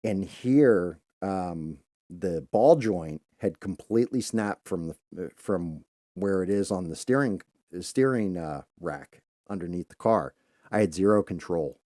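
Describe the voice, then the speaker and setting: Middle-aged guy hosting, telling a story loose and sweary, low warm voice. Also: unhurried, no room sound, studio quality. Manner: animated storyteller, swears freely, loud acted-out outbursts. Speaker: podcast host. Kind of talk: casual storytelling.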